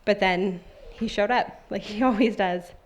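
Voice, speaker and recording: At a church service, a thirtysomething woman gives a heartfelt, conversational personal testimony with lots of filler words before reading from scripture. Her voice sits in the mid range and moves at a measured pace, with a faint hiss or hum on the recording.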